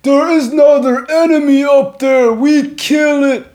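A man's voice: extremely high pitch, fairly even intonation, measured pace, a little mellow, echoey room, pitched above the performer's own voice. A man voicing a brutish male orc upstart who hates magic and speaks in broken, simple sentences. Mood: menacing gloating.

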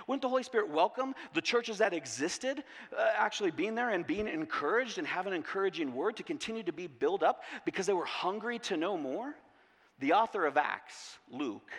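A man preaching a sermon as pastor, repeating key phrases and asking rhetorical questions in a lively way. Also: sits high. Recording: long hall reverb.

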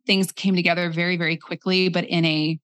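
A woman's voice: fairly low pitch, little pitch movement, a bit bright, clear, resonant tone. Candid woman telling a personal story. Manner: candid, reflective, with quick quoted asides. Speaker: guest.

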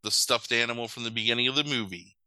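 Animated man retelling a movie plot. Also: medium pitch, fast talker, clear, resonant tone, no echo, rough recording. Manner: animated retelling, swearing, mock quoting characters. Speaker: podcast host recapping a movie. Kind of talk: casual chat.

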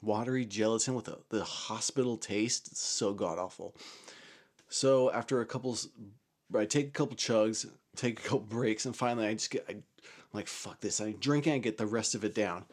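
A man's voice: on the low side, brisk. A man casually telling a personal story, rambling and swearing, with frequent restarts and chuckles.

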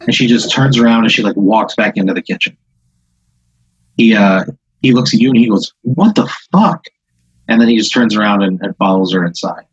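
A man's voice: fairly low pitch, fairly quick, breathy edge, no room sound, highs cut off. A man hosting a casual chat, spinning an improvised story full of quoted voices and laughter. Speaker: host.

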